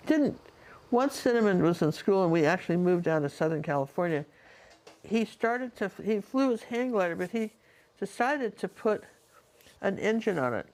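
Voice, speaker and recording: A woman's voice: medium pitch, a little mellow. A woman, a painting teacher, casually telling a personal story in a chatty, rambling way with lots of asides.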